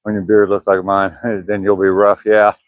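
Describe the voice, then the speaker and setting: Filmed on a phone camera as he walks past pine woods, an older Georgia man livestreams to his viewers, rambling easygoingly, chuckling and reading the chat aloud in his Southern accent. His voice is on the low side with a level tone and normal speed. The recording is dry, with phone-quality sound.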